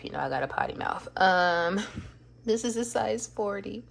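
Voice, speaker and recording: Woman vlogger, gushing and excitable, casual and cussing, gravelly fry, faint hiss behind. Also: on the low side. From Atlanta, US South. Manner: gushing, excitable, swears freely. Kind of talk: casual vlog chat.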